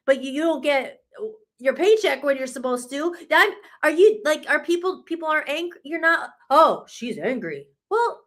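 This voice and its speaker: A woman's voice: high voice, moderate pace, fairly bright tone. A woman co-hosting a live talk radio show, speaking with emphatic, sarcastic, profane frustration. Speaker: radio co-host. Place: radio studio.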